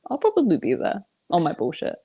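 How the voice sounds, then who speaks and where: A woman's voice: medium pitch, wildly swooping pitch, brisk, dark tone, husky. A young British woman, a professional wrestler, chatting casually as a guest in a joking, self-mocking way. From Britain. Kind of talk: casual chat.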